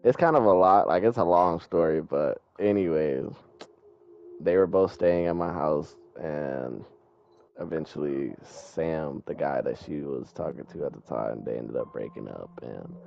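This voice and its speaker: A man's voice: very deep voice, unhurried, vocal fry. A young man streaming a game and chatting casually with friends, swearing often and joking loosely. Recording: muffled stream audio with game music.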